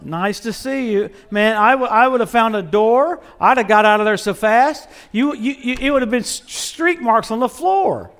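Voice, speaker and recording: A middle-aged male preacher with a high voice tells stories from the pulpit. He swings between loud, punchy exclamations and quiet, hushed asides, keeping the sermon lively. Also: moderate pace, hardly any pauses. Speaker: visiting preacher. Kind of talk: storytelling sermon.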